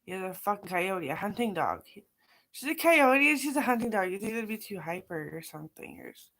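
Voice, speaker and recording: A woman's voice: medium pitch, big pitch swings, brisk, fairly bright tone. A middle-aged woman talking in a rambling, casual monologue, profane and scattered, jumping from aside to aside. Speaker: vlogger.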